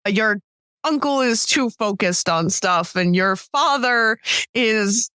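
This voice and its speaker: A woman co-hosts a podcast, her fairly high voice bouncing around as she teases and giggles through her stories. The sound is dry and close. She talks in an easy, playful way. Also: expressive, slow, sharp tone, smooth, no echo. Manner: teasing, giggly storyteller. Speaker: podcast co-host. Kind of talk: casual chat.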